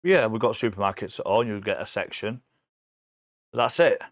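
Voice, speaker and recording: Sweary animated English man in his forties. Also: on the low side, normal speed, no echo, studio quality. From England. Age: 40s. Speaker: podcast guest. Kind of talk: casual chat.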